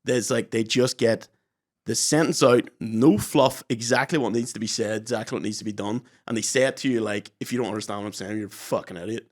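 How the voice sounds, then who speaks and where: A man's voice: on the low side, a little fast. Chatty young man. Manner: rambling storyteller, swearing, acting out quotes. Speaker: podcast co-host. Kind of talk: casual chat.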